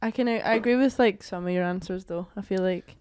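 A woman's voice: mid-range voice, brisk, a little mellow. A woman chatting on a podcast, hesitant and apologetic with lots of ums. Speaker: podcast guest. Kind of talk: casual chat.

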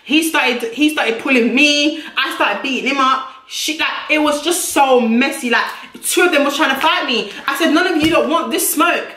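Blunt girl doing a storytime vlog, swears a lot, bright sharp voice, echoey room. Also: high voice, moderate pace. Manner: blunt, brash, swears freely. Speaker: YouTuber.

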